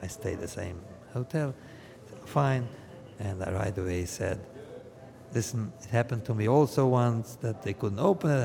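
A man's voice: on the low side, gravelly. A man, a rabbi, telling comic stories to a live audience and acting out each character's voice. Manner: animated, acts out every character's voice.

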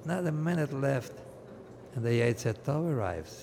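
A man's voice: mid-range voice, unhurried, slight background noise. An older man telling stand-up jokes at a wedding, acting out voices and sound effects in his stories. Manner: animated storyteller, acts out voices and sound effects. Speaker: comedian at a wedding. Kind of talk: stand-up jokes for a live audience. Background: audience laughing.

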